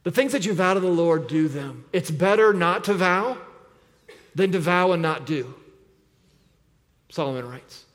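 A man preaching an earnest sermon as pastor, often dropping low and quiet to press a point. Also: lively intonation, unhurried, pauses often. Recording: long hall reverb.

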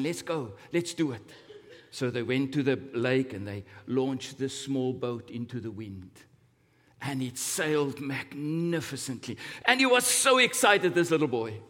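A man preaching a sermon, telling a story slowly and dramatically, with big rises and drops in pitch and volume. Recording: long hall reverb.

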